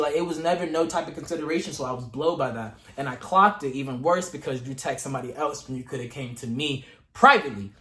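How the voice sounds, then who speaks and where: A man's voice: a little high, quick pace, hardly any pauses, bright, forceful tone. A young man vlogging a casual storytime to camera, retelling events dramatically with slang and asides to his viewers. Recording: echoey room.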